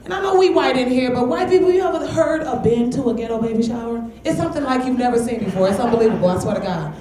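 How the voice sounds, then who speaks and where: A woman from Michigan doing stand-up comedy, telling stories in a loud, brash way with big exclamations. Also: on the high side, quick pace. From Michigan, USA. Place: comedy club stage before a live audience. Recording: echoey club with loud crowd.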